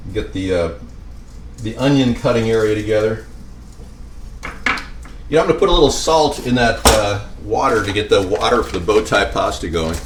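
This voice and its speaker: A man's voice: fairly low pitch, far from the mic. Man, rambling jokey cooking vlogger, off-mic, echoey kitchen, faint background hum. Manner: rambling, jokey, talks to viewers while cooking. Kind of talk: rambling comedic cooking vlog. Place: home kitchen. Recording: roomy, off-mic with faint ambience.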